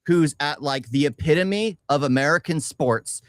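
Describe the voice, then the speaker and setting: A man co-hosting a casual podcast chat, talking haltingly with many restarts and fillers. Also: fairly high pitch, no echo, studio quality. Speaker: podcast co-host.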